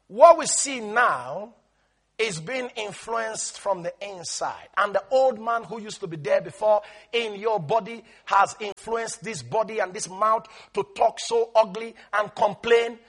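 Man, preacher, emphatic sermon, call-and-response, very high voice, husky. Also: pushed and bright.

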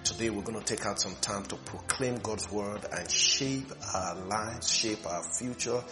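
A male pastor preaching slowly and emphatically, repeating phrases with rising fervor. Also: fairly low pitch, over music. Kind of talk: sermon.

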